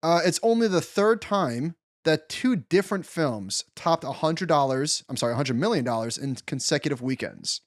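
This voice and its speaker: A man's voice: a little high, expressive, moderate pace, few pauses, no room sound, clean studio sound. A man co-hosting a podcast, talking bluntly and emphatically in casual chat, with easy swearing. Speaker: podcast co-host.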